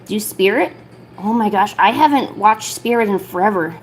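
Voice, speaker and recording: A woman in her thirties, chatting casually on a livestream while she sketches, rambling with lots of filler words and cooing softly to her pet. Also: mid-range voice, animated, moderate pace, slight background noise. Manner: soft, doting talk to her pet. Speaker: artist streamer.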